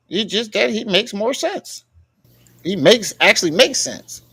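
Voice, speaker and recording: A man's voice: high voice, animated, unhurried, sharp tone, husky. Philly dude on a live stream, blunt and cussing, mocking what he's watching. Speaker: live-stream host reacting to clips. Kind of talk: casual live-stream commentary.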